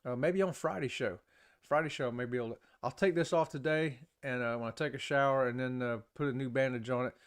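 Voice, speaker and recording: A man's voice: mid-range voice, fairly quick, smooth. A man hosting a casual live-streamed talk show, rambling, chatting with viewers and laughing often. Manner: laughs often between remarks.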